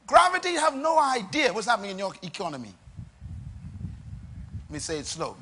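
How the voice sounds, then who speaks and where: A Bahamian man preaching a sermon, asking the crowd questions and answering them, dropping soft and then rising to loud emphatic lines. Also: high voice, huge pitch swings, normal speed, pauses often, husky, long reverb tail. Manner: emphatic, call-and-response questions, swings between soft and loud.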